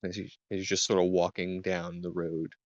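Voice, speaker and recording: A man narrating a tabletop game as game master, talking in a slow, halting way with lots of fillers. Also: sits low, little pitch movement, no echo, lo-fi sound.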